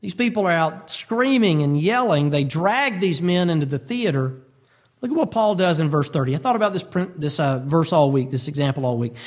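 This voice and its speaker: A man preaching an expository sermon, animated and acting out quotes. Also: a little high, a little fast. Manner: animated, acts out voices and quotes.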